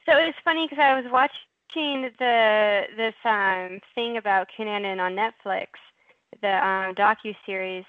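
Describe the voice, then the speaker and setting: A woman's voice: mid-range voice, unhurried, no room sound. A woman hosting a casual chat, asking her guest questions. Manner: asks questions, brief replies. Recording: tinny phone-line sound.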